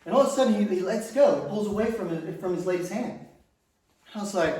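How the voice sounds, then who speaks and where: A man's voice: sits high, lively intonation, fast talker, warm tone. A man doing a stand-up comedy set, telling stories with crude punchlines and chuckling at his own jokes. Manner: storytelling with self-amused laughs and crude punchlines. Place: comedy stage before a laughing audience. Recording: echoey club room, voice from far off.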